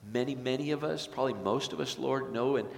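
A male pastor preaches with earnest, tender warmth at an ordinary mid pitch. His voice carries through a church sanctuary with a long, roomy reverb and a faint background hum. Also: quick pace, creaky. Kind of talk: sermon. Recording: echoey church hall, faint noise.

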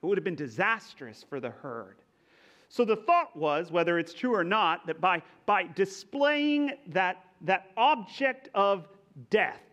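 A young man from Texas with a faint Texan accent, preaching a conversational sermon as pastor with a relaxed, self-deprecating manner. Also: sits high.

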